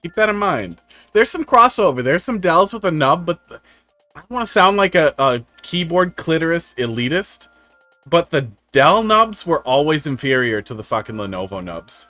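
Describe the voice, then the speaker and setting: A man with a slightly high, bright, forceful voice and big pitch swings streams a game at normal speed, with no echo and faint music in the background. His casual chat with viewers wanders into profane tech tales delivered with dry wit.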